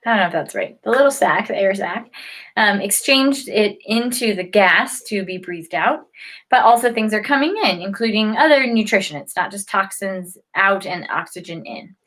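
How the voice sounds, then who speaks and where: A woman's voice: medium pitch, expressive, moderate pace, a bit bright, poor audio. A woman talks straight to the camera, explaining health in an easy, chatty way. She stumbles, restarts and fills gaps with "um." She keeps yawning as she goes. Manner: chatty, with frequent fillers and restarts. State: yawning often. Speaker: health educator. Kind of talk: casual talk to camera.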